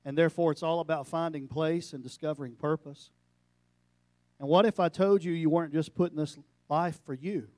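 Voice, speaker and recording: Male preacher, slightly high-pitched, dry close recording, sermon storytelling with emphatic peaks. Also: fairly even intonation, a little fast, a little mellow, no room sound. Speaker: pastor. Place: church sanctuary.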